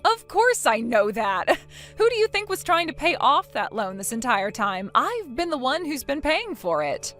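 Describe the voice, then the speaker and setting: A woman voicing a defiant daughter-in-law in a text-message story, sarcastic and mocking, with soft music behind. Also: high voice, sing-song, measured pace, heavily acted. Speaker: narrator of the story.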